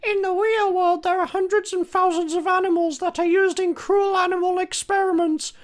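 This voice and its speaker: Man voicing a teddy bear, high-pitched, childlike, sincere, pleading. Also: little pitch movement, moderate pace. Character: earnest sad male teddy bear, childlike.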